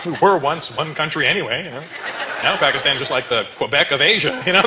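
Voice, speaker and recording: A male stand-up comedian with a lively, bouncing delivery, chatting and teasing his audience. His voice sits a little high. Loud laughter and crowd noise fill the live venue. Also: fast talker. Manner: animated, conversational, teasing the audience.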